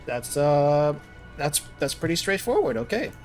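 A man streaming a story game, narrating scenes and talking to characters in a playful, animated way. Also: on the high side, unhurried. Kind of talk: let's play commentary. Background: background music.

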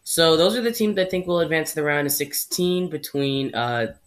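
A man's voice: fairly high pitch, expressive, normal speed. A young man from Canada hosting his own football vlog, chatting casually through his predictions and stumbling over names. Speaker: football channel host.

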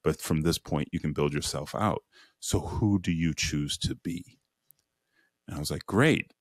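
A man's voice: a bass voice, unhurried, dry recording, studio quality. A man from Chicago, a podcast guest, telling a personal story earnestly and reflectively, voicing the inner questions he heard. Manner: earnest, lively retelling with quoted inner voices.

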